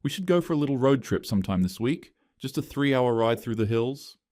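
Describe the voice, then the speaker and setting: A man voicing an easygoing, carefree young man in a scripted story, relaxed and enthusiastic. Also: mid-range voice, fairly quick, no room sound, clean studio sound, pitched above the performer's own voice, close to an everyday voice. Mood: pleased.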